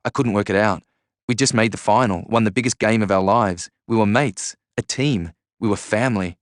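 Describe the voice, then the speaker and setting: Male narrator, deep voice, smooth, measured first-person reading, dry recording. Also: dry recording. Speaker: audiobook narrator.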